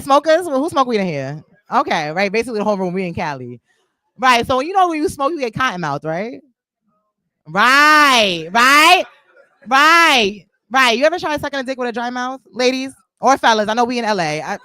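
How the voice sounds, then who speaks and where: A woman's voice: fairly high pitch, sharp tone. A woman with a New York accent doing a raunchy stand-up set on a club stage. Her voice swings widely up and down as she teases the crowd. The sound is close and dry, with little room echo. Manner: crude, loose and teasing with the crowd. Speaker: stand-up comedian.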